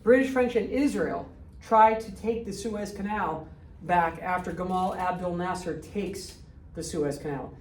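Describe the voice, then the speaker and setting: A woman's voice: on the low side, darkish tone, slight background noise. A woman, giving a blunt, quizzing history lecture to a classroom. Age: 60s. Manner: blunt, quizzing students with rapid questions. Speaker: history teacher. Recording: echoey room, distant mic.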